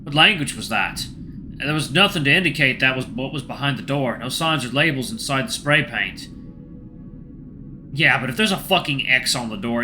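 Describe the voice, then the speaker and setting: A man hosting a gaming channel, reading a game's first-person story aloud in a hushed, tense way. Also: medium pitch.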